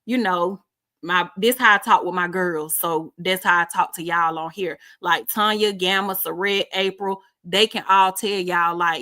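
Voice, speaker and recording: A woman's voice: on the low side, fairly even intonation, unhurried, bright, forceful tone, dry recording, studio quality. A middle-aged woman hosting a casual live stream, reading out viewer comments in a chatty, informal way and laughing often.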